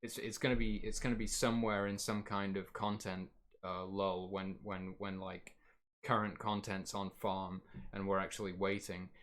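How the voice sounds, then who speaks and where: A man's voice: sits low, little pitch movement, moderate pace, a bit bright. A man streaming and chatting casually about his game plans, rambling and correcting himself as he goes, his voice getting a little worn.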